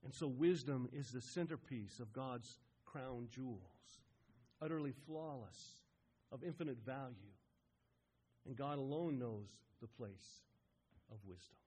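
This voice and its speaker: A man preaching a sermon as a pastor, swelling to loud emphatic peaks and dropping to quiet, slow phrases. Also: medium pitch, slightly rough. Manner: rising and falling in emphasis, building to loud peaks.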